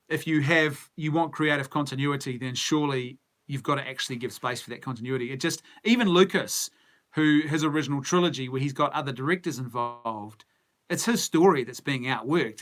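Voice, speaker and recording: A man's voice: a little high, fairly bright tone. A middle-aged man with a New Zealand accent hosts a casual movie news stream, musing as he answers viewer comments. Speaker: movie news show host. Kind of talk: casual live-stream chat.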